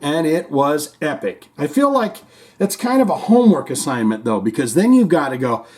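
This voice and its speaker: A man's voice: a little high, sing-song, normal speed, a little mellow. Rambling man reading viewer comments. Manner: rambling, stumbling restarts. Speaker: host.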